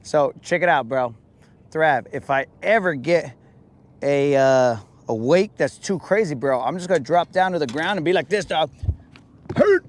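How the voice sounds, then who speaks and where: A man's voice: fairly high pitch, normal speed. A young adult man hosting a podcast, chatting casually and jokingly in heavy slang, calling everyone bro and dog. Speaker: podcast host. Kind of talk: casual chat.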